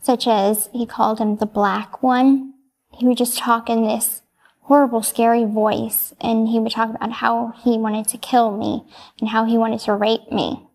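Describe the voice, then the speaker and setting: Soft-spoken hesitant young woman, gravelly. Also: on the high side, flat delivery, unhurried. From United States. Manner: soft, hesitant, brief answers with many ums. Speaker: interviewee. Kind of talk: answering interview questions.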